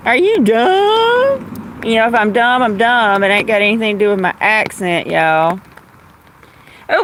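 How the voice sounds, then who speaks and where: A woman's voice: high voice, fairly bright tone, a little hiss or hum, poor audio. A woman from Louisiana with a Southern accent, chatting casually on a livestream, greeting viewers by name while holding her phone under an umbrella outdoors in the rain. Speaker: livestream host. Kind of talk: casual live chat with viewers. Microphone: phone held in hand.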